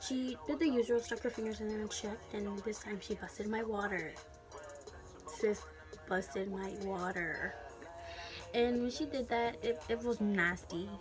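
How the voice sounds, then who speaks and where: A woman's voice: medium pitch, unhurried, over music. A young woman telling a story frankly and casually, full of slang and swearing. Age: young adult. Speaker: vlogger.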